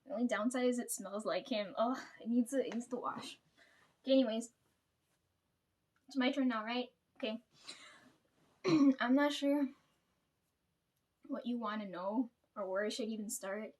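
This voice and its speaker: A young woman with a fairly high voice speaks in a hushed, confessional ramble to her camera from home late at night. She keeps clearing her throat and tags her thoughts with a quick "right?". Her telling is loose and unpolished, full of restarts. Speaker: vlogger. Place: at home at night, parents downstairs.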